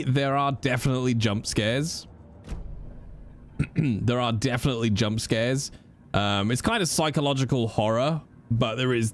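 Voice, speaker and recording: Animated male game streamer. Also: mid-range voice, a little hiss or hum. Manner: playful, animated, breaks into voices. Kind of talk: casual livestream commentary.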